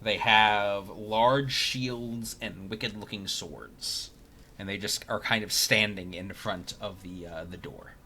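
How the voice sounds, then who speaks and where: A man narrating a tabletop game as dungeon master, describing scenes slowly with pauses and fillers. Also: on the low side, fairly even intonation, pushed and bright, slight background noise.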